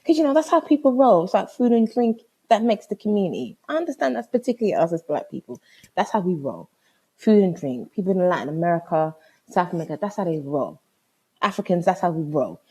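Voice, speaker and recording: A woman with a low, husky voice tells a story in casual podcast talk. She speaks with lively swings in pitch, swears freely, and acts out both sides of the conversation. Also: fast talker. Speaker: podcast host.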